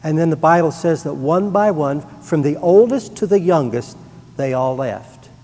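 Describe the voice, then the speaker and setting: A man's voice: a little high, expressive, moderate pace, warm tone, long reverb tail. A middle-aged man giving a personal testimony to a congregation, earnest and rising to emphatic. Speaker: church member giving testimony.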